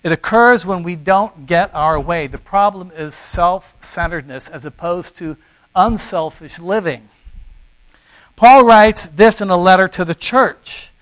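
A middle-aged man preaches with a fairly high voice. He leans hard on key words, then drops to quiet asides. His delivery is that of a pastor working through a sermon. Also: unhurried, low-quality recording. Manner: emphatic, swings between loud stresses and quiet asides.

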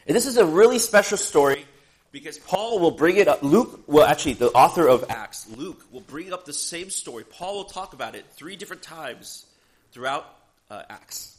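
A man preaching a sermon in a church in a relaxed, conversational way, pausing for an interpreter and adding joking asides. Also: a little high.

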